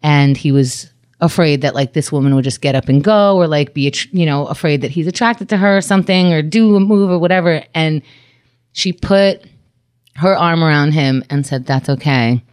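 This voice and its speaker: A married woman in casual chat, telling a personal story in an earnest, measured way. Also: deep voice, darkish tone, clean tone, dry recording, studio quality.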